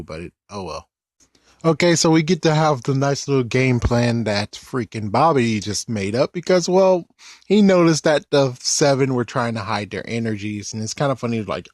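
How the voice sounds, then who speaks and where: A man's voice: mid-range voice, dry recording, studio quality. A man giving casual, rambling commentary on an anime episode, often correcting himself mid-sentence. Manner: rambling, animated, self-correcting.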